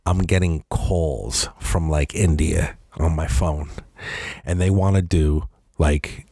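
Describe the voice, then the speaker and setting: A man co-hosting a podcast, telling a comic story in a casual, profane way and jumping into high voices when he quotes people. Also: steady tone, takes it slowly, gravelly, warm tone, no room sound, clean studio sound. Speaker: podcast co-host. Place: podcast studio.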